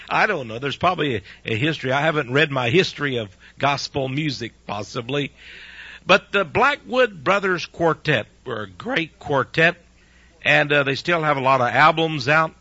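Male radio preacher, earnest, bright voice with a breathy edge, dull lo-fi sound. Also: fairly high pitch, dry recording. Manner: earnest, preachy, uses rhetorical questions. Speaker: radio preacher and show host. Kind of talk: conversational radio sermon.

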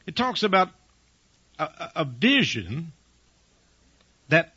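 A man's voice: on the high side, big pitch swings, takes it slowly, bright, forceful tone, breathy edge, no echo. A man preaching a folksy radio sermon from his office desk, chuckling between his points. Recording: dull dry lo-fi radio recording.

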